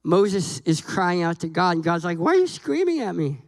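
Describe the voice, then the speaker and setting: A man's voice: high-pitched, normal speed, no room sound, low-quality recording. A man preaching a sermon as a guest pastor, joking and acting out conversations with God and Moses. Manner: animated, jokey, acts out dialogue with God and Moses.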